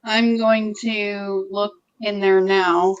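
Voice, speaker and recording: A woman's voice: mid-range voice, little pitch movement, slow, clean tone, highs cut off. A woman player in a tabletop game, asking careful questions about the scene. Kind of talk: casual tabletop play.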